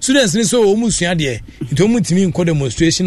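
A man's voice: high voice, expressive, fast talker, darkish tone. A Ghanaian man hosting a radio show, giving rambling casual commentary that mixes Akan and English.

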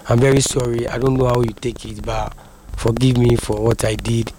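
A man, a boxer speaking as a guest in a radio interview, in halting, repetitive speech. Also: medium pitch, little pitch movement. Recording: noisy recording.

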